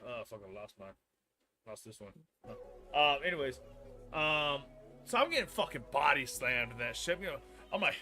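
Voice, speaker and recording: A man in his early thirties with a fairly high, bright, forceful voice spins a rambling, swear-heavy work story on a live stream. He keeps circling back with fillers, and his voice rises hot and loud when he reaches the angry parts. Faint music plays under him. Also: big pitch swings, normal speed. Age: 30s. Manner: profane, rambling, gets loud and heated telling the story. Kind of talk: casual storytelling chat.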